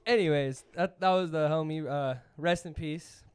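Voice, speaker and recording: A man's voice: fairly high pitch, moderate pace, smooth. A young man hosting a podcast, rambling through a story with lots of fillers and swearing. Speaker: podcast host. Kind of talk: casual chat.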